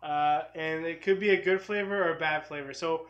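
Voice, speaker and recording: A man's voice: on the high side, fairly even intonation, moderate pace, fairly bright tone, dull audio. A young man appearing as a recurring guest on a live stream, laid-back and tossing in dry quips. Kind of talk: casual live-stream chat.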